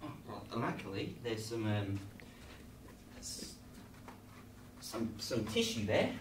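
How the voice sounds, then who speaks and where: An English improv performer on a small comedy stage plays a rambling, bumbling kids' craft show host, chirpy and mock-instructive with false reassurance. His lowish voice, pushed down, swings widely in pitch and goes slowly. The roomy distant mic picks up a noisy background and live audience laughter.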